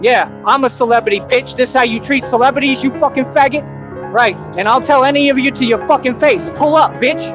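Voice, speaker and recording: A man's voice: very high-pitched, a little fast. A man ranting on his livestream in a defiant, profane, taunting way, playing as a clip. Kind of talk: confrontational livestream rant. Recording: muffled clip with loud music.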